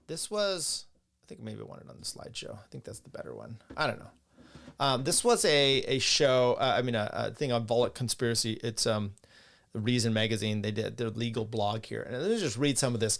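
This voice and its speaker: Middle-aged male host, gravelly, mid pitch, loose rambling delivery with crude asides. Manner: rambling, profane, chuckling asides. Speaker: podcast host. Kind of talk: casual live-stream talk, reading chat.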